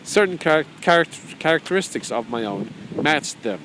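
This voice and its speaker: A man's voice: on the high side, expressive, moderate pace, background noise. A man as a spiritual teacher, talking casually and rambling through his own book, repeating phrases and chuckling often.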